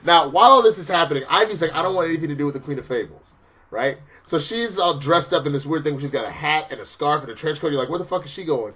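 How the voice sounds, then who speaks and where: Fast-talking man recapping an episode. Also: a little high, animated, bright, forceful tone. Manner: fast, profane retelling with acted quotes. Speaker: show co-host. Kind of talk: casual episode review chat.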